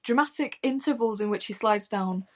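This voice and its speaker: A woman's voice: mid-range voice, normal speed. Giggly young woman, casual chat. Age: young adult. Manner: giggly, blunt, swears freely. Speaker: co-host of a music review.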